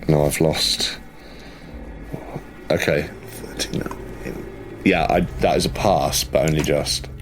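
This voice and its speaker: A man's voice: very deep voice, steady tone, noisy background. A man playing in a tabletop horror game, casual and jokey, swearing when his character gets riled. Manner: jokey, swearing, quick to protest. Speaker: player.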